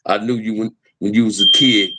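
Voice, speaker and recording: A man's voice: on the low side, fairly even intonation, a little fast, heavy background noise. A middle-aged man, talking emphatically in a preachy street style as host of a livestream. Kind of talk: impassioned livestream talk.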